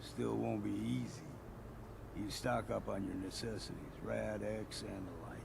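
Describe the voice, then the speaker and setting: An actor playing a gruff, weathered older male island guide in a video game, speaking in a blunt, grudging drawl. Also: fairly low pitch, fairly even intonation, a little slow. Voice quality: gravelly. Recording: game audio under loud background noise.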